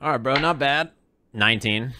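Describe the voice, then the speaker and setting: A man's voice: medium pitch, moderate pace, bright, forceful tone, a little hiss or hum. A man playing a tabletop game, laid-back, calling out his dice rolls. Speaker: player. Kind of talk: casual game chat.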